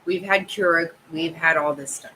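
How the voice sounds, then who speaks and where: Bright-voiced woman ranting. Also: low-pitched, steady tone, normal speed, slight background noise, poor audio. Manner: profane, exasperated, laughing often. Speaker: host. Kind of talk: casual chat.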